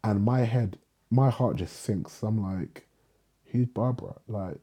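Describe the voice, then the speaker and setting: Young guy, low and dark-toned, husky edge, lively storyteller who acts out the dialogue. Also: measured pace. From England. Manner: animated storyteller, acts out dialogue, swears freely. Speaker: guest, writer. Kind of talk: casual storytelling in a podcast conversation.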